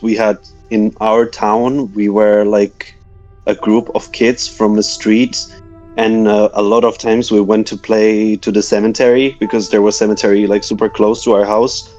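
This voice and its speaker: A Slovak man in his thirties, speaking with a Slovak accent in a lowish, mellow voice on a lo-fi recording, tells a story as a guest in a casual interview. His phrasing is hesitant, nonnative and full of fillers.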